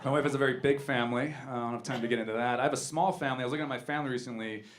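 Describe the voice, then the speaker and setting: A man in his thirties doing a stand-up comedy set on a club stage, talking in an animated way and jumping into loud voices for characters. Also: mid-range voice, rapid-fire, a little hiss or hum.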